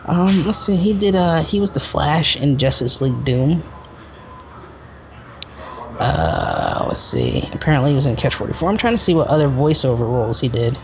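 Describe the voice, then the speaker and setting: A man hosting a casual podcast, joking and excitable, talking in loose rambling bursts. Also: medium pitch, normal speed, gravelly, noisy background. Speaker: podcast host. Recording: muffled lo-fi recording.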